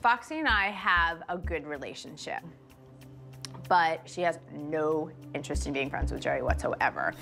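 A woman's voice: sits low, very animated, moderate pace, gravelly. Earnest woman speaking over TV music. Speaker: dog owner on a reality show. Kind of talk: TV confessional interview. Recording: TV clip with music underneath.

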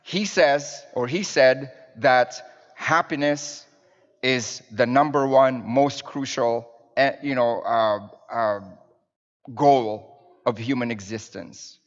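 A man in his thirties preaches to his congregation in a relaxed, chatty way. He weaves in stories at a mid pitch. His voice sounds a little dull and carries a long reverb around the church sanctuary. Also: takes it slowly. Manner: warm storytelling with fillers and restarts, addressing the congregation. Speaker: minister, preacher. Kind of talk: conversational sermon.

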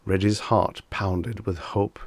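A man narrating a vintage short story audiobook in a lively, expressive storytelling manner. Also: on the low side, slow pace, no room sound.

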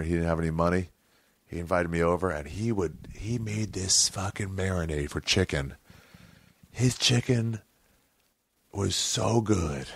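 A man's voice: sits low, no room sound. A man hosting a podcast, telling a long rambling story in casual, profane talk, often correcting himself mid-sentence. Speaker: podcast host.

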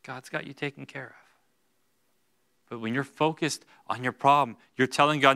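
A male pastor preaching a sermon in a church, going from hushed, slow lines to loud, high-pitched bursts. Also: fairly even intonation, gravelly. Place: church sanctuary.

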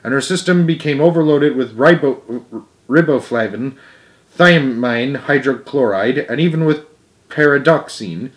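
A man voicing a tiny, prim male mouse who is a substitute teacher, brisk and bossy. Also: mid-range voice, close to an everyday voice. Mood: commanding. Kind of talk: storybook reading.

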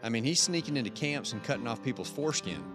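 A man's voice: medium pitch, animated, fast, over music. A man co-hosting a casual talk podcast, playful and wisecracking. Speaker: podcast co-host. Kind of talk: casual chat.

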